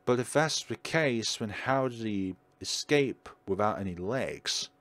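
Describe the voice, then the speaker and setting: Playful gaming commentator, lower voice. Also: male voice, lively intonation, unhurried, a bit bright. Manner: playful, jokey asides. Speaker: let's player. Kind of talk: gameplay commentary.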